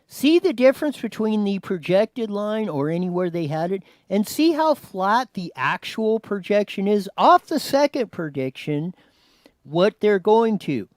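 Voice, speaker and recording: Man, news show host, high voice, very lively, dry close sound. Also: unhurried, dry recording. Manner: animated, talks to his producer, many restarts. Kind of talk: commentary on a news clip.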